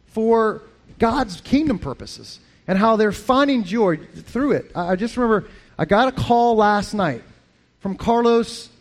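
Man, pastor, sermon, animated conversational delivery, higher pitched voice. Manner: animated, conversational preaching with restarts.

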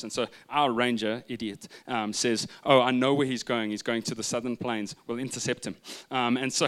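A man, preaching a sermon with humorous stories and hushed retellings. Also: mid-range voice. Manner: humorous storytelling, shifting from loud asides to hushed retelling. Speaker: pastor.

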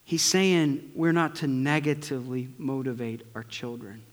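A middle-aged male pastor preaching a conversational sermon to his congregation, swinging between loud bursts and near-whispers. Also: mid-range voice, normal speed. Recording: long hall reverb.

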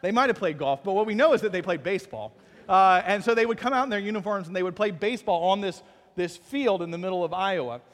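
Male pastor, middle-aged, high-pitched, storytelling sermon, big reverberant room. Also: fast talker, a bit bright. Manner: storytelling, self-deprecating humor, builds to fervent intensity.

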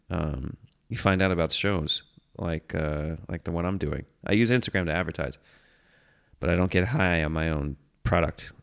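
A man's voice: sits low, vocal fry. A man, hosting a casual comedic monologue in a rambling, profane, self-mocking way. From United States. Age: 30s. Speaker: podcast host.

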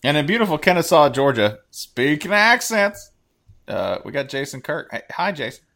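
This is a male podcast host chatting casually, with a bright edge to his voice. His pitch swings widely as he jokes along, trailing off now and then with an "uh.". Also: normal speed, vocal fry. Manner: joking, animated, trails off with fillers. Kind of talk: casual chat. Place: studio.

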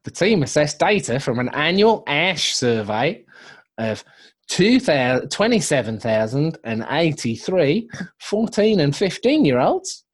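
A man hamming up a put-on Australian accent, reading news as a slangy Aussie bloke with self-mocking humour. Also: on the high side.

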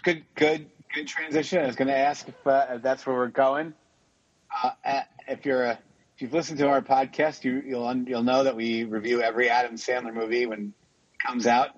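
A man with a mid-range, fairly flat voice co-hosts a podcast, talking briskly in a casual, chatty way. He often stumbles and restarts his sentences and laughs a lot. The recording has no echo but sounds dull and lo-fi.

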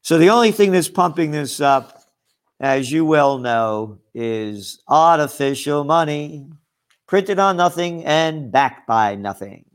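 A man's voice: a little high, animated, slow. A man hosting a ranting news commentary, angry and sarcastic, mocking his targets with outraged asides. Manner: mocking asides, blah blah dismissals. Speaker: host.

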